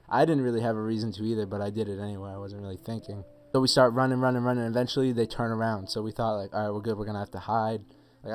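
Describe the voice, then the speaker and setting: A man's voice: medium pitch, a little mellow. A young man telling a story for his video channel in a casual, rambling, profane way, full of "like" and "um". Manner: rambling, profane, filler-heavy retelling. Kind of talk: casual story-time monologue.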